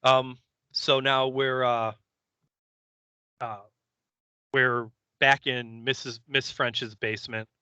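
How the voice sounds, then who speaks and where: A man co-hosting a podcast, casually recapping an episode scene by scene and slipping into quick character voices. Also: medium pitch, little pitch movement, pushed and bright, smooth, no echo, highs cut off. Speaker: podcast co-host.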